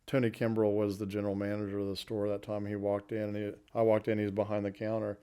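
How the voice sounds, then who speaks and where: Low, smooth-voiced man in his fifties. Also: completely flat delivery, fast, mellow. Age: 50s. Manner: folksy, rambling anecdotes with self-corrections. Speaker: guest recounting his restaurant career. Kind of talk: casual storytelling interview.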